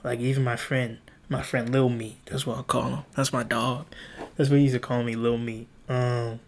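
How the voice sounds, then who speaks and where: A man's voice: mid-range voice, level tone, normal speed, creaky, a little hiss or hum. A young man in his twenties hosting a podcast, telling rambling, profane stories in casual chat. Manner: rambling, profane, restarts and acts out quotes. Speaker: podcast host. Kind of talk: casual storytelling monologue.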